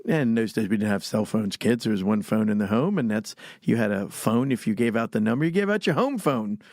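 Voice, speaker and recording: Gravelly guy in his 60s from pennsylvania, rambling storyteller, chuckles a lot. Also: on the low side, lively intonation, a little fast, a little mellow, dry recording, studio quality. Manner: rambling, anecdotal, chuckles often. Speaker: podcast guest. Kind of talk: casual storytelling.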